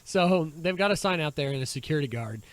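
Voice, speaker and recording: A young adult man co-hosting a podcast, with a slightly high voice for a man. He rambles through stories, swears freely and laughs often. He keeps a loose, casual chat going. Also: animated, quick pace, dry recording. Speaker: podcast co-host.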